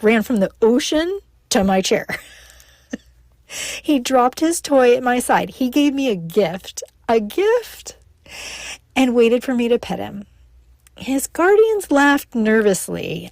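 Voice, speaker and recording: A woman's voice: fairly high pitch, creaky, a little mellow, dry recording. A middle-aged woman reading her personal newsletter aloud in a chatty, playful way, often laughing. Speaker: newsletter author and speaker.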